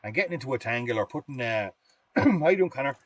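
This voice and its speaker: A man's voice: medium pitch, expressive, fast talker, no room sound. A middle-aged Irish man demonstrating fly tying on a livestream, chatting in a rambling, folksy way between steps.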